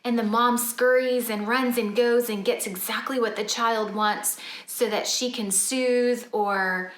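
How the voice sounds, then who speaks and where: A woman, a mother, chatting casually to camera about how she talks to her kids, earnest and measured. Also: a little high, steady tone, reverberant. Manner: earnest and measured, explaining her parenting rules. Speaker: mother and family vlogger. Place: home kitchen table.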